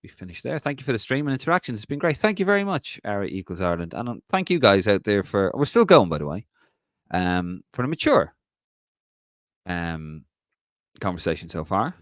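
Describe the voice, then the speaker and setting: A low-voiced man hosts a relaxed solo live stream and talks in a rambling, chatty way. He greets viewers and reads out their comments, and the sound is dry and close to the mic. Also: brisk, no room sound. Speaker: podcast host.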